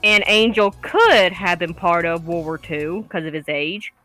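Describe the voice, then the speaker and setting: A woman's voice: lowish voice, animated, unhurried, fairly bright tone, faint music behind. A woman with a Texan-sounding accent chatting casually as a YouTube commentator, rambling and full of fillers. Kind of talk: casual podcast chat.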